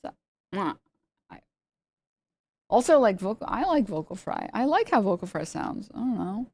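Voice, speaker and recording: A woman streamer chats casually on a live stream, rambling with plenty of fillers and laughing often. Her voice sits in the mid range with a sing-song lilt, a moderate pace, some vocal fry, and a darkish tone, recorded with no echo.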